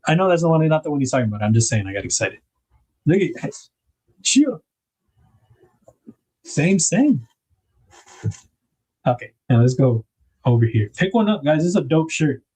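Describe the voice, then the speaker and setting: A chatty man in his thirties hosts a relaxed livestream, greeting viewers by name and laughing easily. His voice sits a little high for a man yet sounds mellow and somewhat husky. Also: brisk, long pauses. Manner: chatty, reads viewer comments aloud, laughs often. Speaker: livestream host. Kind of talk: casual livestream chat.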